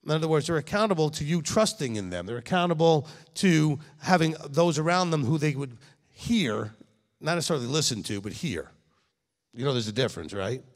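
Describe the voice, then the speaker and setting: A man's voice: fairly high pitch, brisk. A middle-aged man, the rabbi who founded the congregation, giving a conversational sermon in an emphatic manner, often checking in with listeners. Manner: animated, emphatic, speaks directly to listeners with frequent "okay?". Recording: long reverb in a hall.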